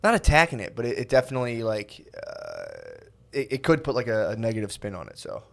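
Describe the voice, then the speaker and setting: A man's voice: mid-range voice, animated, quick pace, gravelly. An American man co-hosting a podcast, talking in a rambling, self-mocking way with many restarts. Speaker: podcast co-host. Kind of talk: casual podcast banter.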